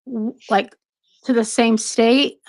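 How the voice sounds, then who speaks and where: A woman's voice: fairly high pitch, level tone, slow pace, dry recording. A woman hosting a casual true crime discussion who reads from case documents, hesitant and full of fillers, and says she is losing her voice. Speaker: podcast host. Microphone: own microphone.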